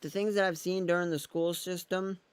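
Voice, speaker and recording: A man's voice: sits high, steady tone, moderate pace, clear, resonant tone, no room sound. A man vlogging in a casual, rambling way, thinking aloud as he goes. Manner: thinks aloud while using his phone and laptop, meandering.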